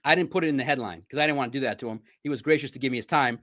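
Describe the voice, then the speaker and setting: A man's voice: mid-range voice, racing, fairly bright tone. A middle-aged man hosting a sports podcast in a casual monologue, boastful and trash-talking, repeating himself for emphasis. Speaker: sports podcast host and reporter.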